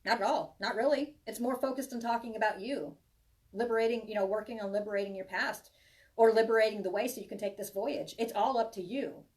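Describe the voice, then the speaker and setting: A woman's voice: fairly high pitch, fairly quick, a little mellow. Rambling woman tarot reader, slightly distant mic. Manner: chatty, rambling, reassuring, many restarts. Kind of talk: live tarot reading for viewers.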